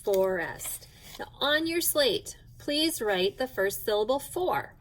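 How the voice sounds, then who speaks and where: Woman teacher, phonics lesson for kids; unhurried, patient, sounds out each syllable. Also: on the high side, expressive, rough recording. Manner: slow, clear, patient classroom delivery, sounding words out. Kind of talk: recorded phonics lesson for children.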